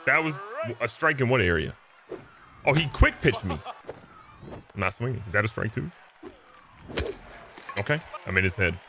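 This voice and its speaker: A man giving casual, excitable gameplay commentary, joking at himself and talking to his players. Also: on the low side, moderate pace, pauses often, noisy background. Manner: excitable, self-mocking, talks to the players. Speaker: gaming video host.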